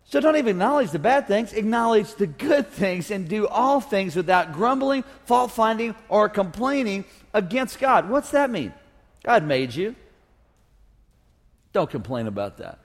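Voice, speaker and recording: A pastor whose expressive voice sits high preaches at normal speed in a church sanctuary, the hall's long reverb trailing behind him. He cracks jokes and draws call-and-response from the congregation.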